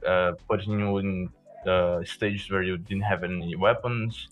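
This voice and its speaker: A young Brazilian man with a Brazilian accent, a native Portuguese speaker, co-hosting a casual chat with a relaxed, teasing manner. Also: low-pitched, unhurried, dull audio, faint music behind. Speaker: podcast co-host.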